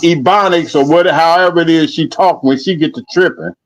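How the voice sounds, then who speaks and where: A man's voice: on the high side, fairly quick, dull audio, slight background noise. A man co-hosting a podcast, arguing his point in a heated casual debate and pressing it again and again. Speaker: podcast co-host.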